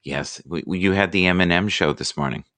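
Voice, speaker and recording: A man hosting a casual live morning chat, musing and self-deprecating, reading out sayings slowly. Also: sits low, fairly bright tone, no echo.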